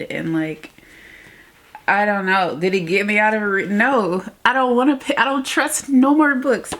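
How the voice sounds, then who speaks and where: A woman's voice: mid-range voice, measured pace, a bit bright. A woman book vlogger chatting casually about a book she just finished, emotional and rambling, often laughing in exasperation. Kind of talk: casual reading vlog chat.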